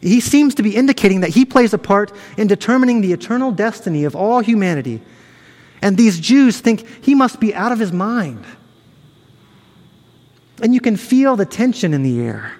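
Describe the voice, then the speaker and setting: A high-pitched man preaching in an earnest, conversational way, often repeating a word as he restarts. His voice rings out with a long reverb, as in a large hall. He sounds like a pastor talking his congregation through a passage. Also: sing-song, normal speed, a little mellow. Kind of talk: sermon.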